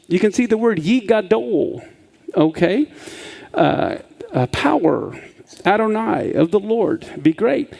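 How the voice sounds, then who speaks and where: A pastor teaching a Hebrew letter from scripture, often checking in with listeners and asking them questions. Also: male voice, sits high, animated, slow pace, vocal fry, warm tone. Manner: checks in with listeners with frequent "okay?"; asks the audience questions. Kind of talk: teaching a Bible-based Hebrew lesson.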